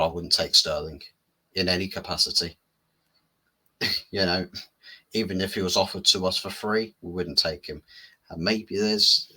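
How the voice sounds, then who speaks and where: Husky low-voiced football channel man. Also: sharp tone, rough recording. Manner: rambling, many rhetorical questions to viewers. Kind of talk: casual football commentary video.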